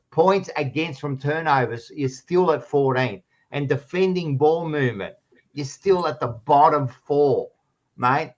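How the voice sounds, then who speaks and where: Australian man needling his rival, lo-fi. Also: on the high side. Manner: teasing, needling, swears. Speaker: podcast co-host. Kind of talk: casual sports banter. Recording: dull lo-fi sound.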